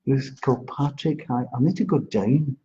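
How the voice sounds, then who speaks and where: Dark in tone and mid-range in pitch, a man's voice comes through at a normal pace with slight background noise. He hosts a psychic astrology live stream, casually greeting viewers by name and reading cards, and the audio is dull and lo-fi.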